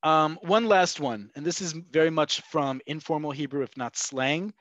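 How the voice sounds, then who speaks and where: A man's voice: a little high, normal speed, a bit bright, no echo. A man teaching a language in an online webinar, explaining step by step and often checking in with "okay" and "right?". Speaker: Hebrew teacher. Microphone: video call. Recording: dull, lo-fi webinar audio.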